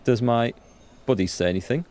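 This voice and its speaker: A man's voice: mid-range voice, fairly quick, a little mellow. A man hosting a let's play, reading game text aloud and commenting casually with frequent chuckles.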